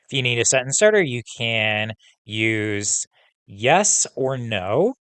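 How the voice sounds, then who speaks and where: A male teacher reading a novel aloud to students, pausing to pose comprehension questions in a steady, instructive way. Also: medium pitch, clean tone, no echo.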